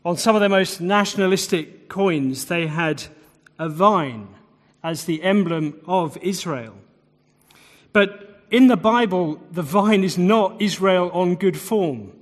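A man's voice: high voice, lively intonation, slow. A man preaching an expository sermon in a church hall, explaining the text with repeated words for emphasis. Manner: expository, restarts and fillers, emphatic repetition. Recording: long hall reverb.

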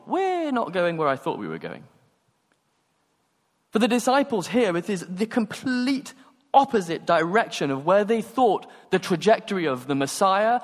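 A man preaching a sermon, telling stories and acting out the dialogue with animated energy. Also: sits high. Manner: animated storytelling, acts out dialogue. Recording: long hall reverb.

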